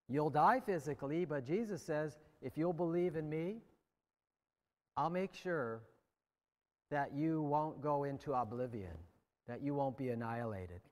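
An American man preaching a sermon as pastor, slow and deliberate, letting phrase endings drop quiet. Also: on the high side, big-room sound. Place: church sanctuary.

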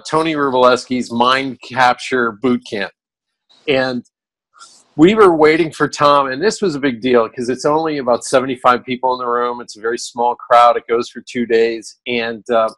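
A man co-hosting a radio talk show, telling animated stories and laughing often. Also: mid-range voice, poor audio. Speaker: radio co-host. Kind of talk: tribute storytelling on a talk show.

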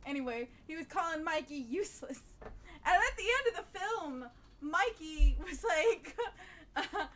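A woman's voice: very high-pitched, expressive, measured pace, fairly bright tone. A woman streaming a game, chatting casually and laughing often. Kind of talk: casual chat while playing.

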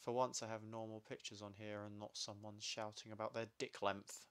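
A man's voice: on the low side, level tone, brisk, over loud music. A young man giving crude, sarcastic, swear-heavy commentary while playing a party video game. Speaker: gamer. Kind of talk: let's play commentary.

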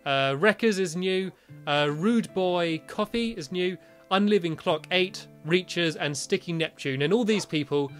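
A man's voice: high-pitched, a little slow, faint music behind. A young British man chatting casually as he commentates his own gameplay, rambling and friendly. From Britain. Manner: chatty, rambling, shrieks when scared. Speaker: gaming YouTuber.

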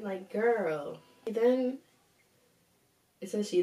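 A woman's voice: on the high side, measured pace, pauses often, mellow, recorded from a distance. A young woman hosting a casual storytime, reading a viewer's story aloud and breaking in with sassy slang reactions. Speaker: host reading viewer stories. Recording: roomy echo, a bit off-mic.

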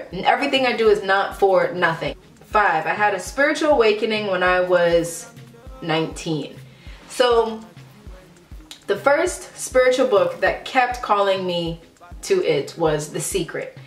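A woman's voice: mid-range voice, expressive, unhurried. Young woman vlogger, chatty and frank, mid-range voice, roomy echo. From United States, Ghanaian family. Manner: chatty and candid, many "like" fillers. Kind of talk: casual confessional vlog. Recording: roomy echo, faint background music.

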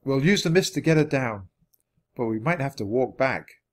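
A man's voice: mid-range voice, expressive, moderate pace, lightly acted. A man voicing a cautious, sensible young boy in a storybook, careful and reasoning in his talk. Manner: careful, reasoning, urgent when calling.

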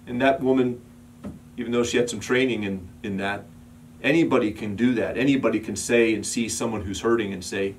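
A man preaching a sermon as pastor, building emphatic repeated calls and sometimes dropping to a soft, quiet storytelling voice. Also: on the low side, steady tone, brisk, slight background noise.

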